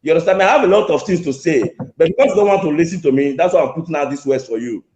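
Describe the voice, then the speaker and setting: A caller with an angry complaint speaks in a racing, expressive voice that is a little high and slightly mellow. The phone call is echoey and lo-fi, and he insistently repeats himself and talks over the host.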